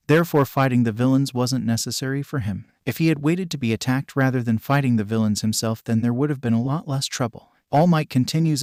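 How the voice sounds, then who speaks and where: Man narrating fan fiction, dry and steady. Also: mid-range voice, no echo.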